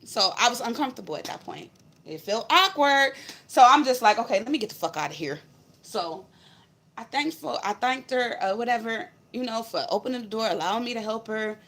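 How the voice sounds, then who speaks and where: A woman's voice: on the high side, animated, normal speed, a bit bright. A woman vlogger telling a personal spiritual story in a blunt, emphatic, profane way. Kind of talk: casual storytelling to camera.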